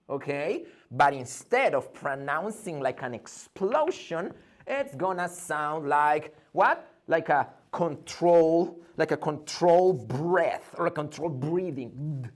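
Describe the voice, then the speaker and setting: A man's voice: a little high, expressive, slow pace. A man teaching an English pronunciation lesson, drilling sounds by repeating them and asking and answering his own questions.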